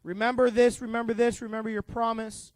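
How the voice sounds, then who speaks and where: A man's voice: very high voice, little pitch movement, brisk, dry recording, studio quality. A man voicing Moses as an urgent, pleading prophet in a retold Bible story.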